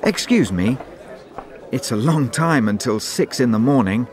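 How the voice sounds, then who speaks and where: A man's voice: medium pitch, lively intonation, measured pace, noisy background. A man acting as a polite, helpful shop assistant and reporter in a scripted textbook dialogue.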